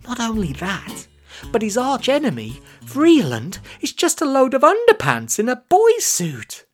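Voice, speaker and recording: A woman giving scripted narration of a comic children's story, expressive with deadpan asides. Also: fairly high pitch, measured pace, faint music behind. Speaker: audiobook narrator.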